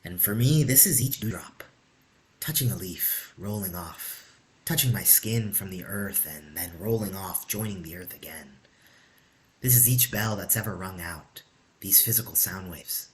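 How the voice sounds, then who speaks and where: A man leading a New Year meditation practice, speaking softly and conversationally, often sinking into a whisper. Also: sits low, animated. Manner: soft-spoken, slow, drifting into whispers; conversational, says "you know" and "right?". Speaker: meditation leader. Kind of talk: guided meditation talk.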